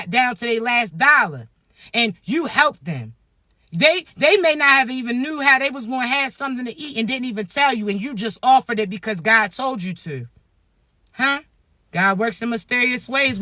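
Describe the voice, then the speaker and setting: A woman with a Floridian accent delivers an animated spiritual pep talk, slangy, profane and preachy. Her voice sits high and sounds bright and sharp, close and dry with no room around it. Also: dry recording. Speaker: spiritual motivational speaker.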